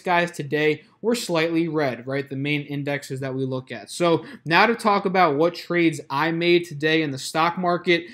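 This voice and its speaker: A young man hosting his own channel, giving a casual stock market update, energetic and chatty, often saying "you know" and "guys". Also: on the high side. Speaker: stock trading youtuber.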